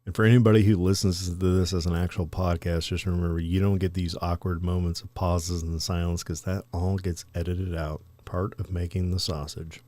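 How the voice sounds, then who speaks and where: Low-voiced, profane podcast storyteller man. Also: normal speed, few pauses, no echo. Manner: animated, profane, acts out quotes. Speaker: podcast co-host. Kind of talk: casual storytelling chat.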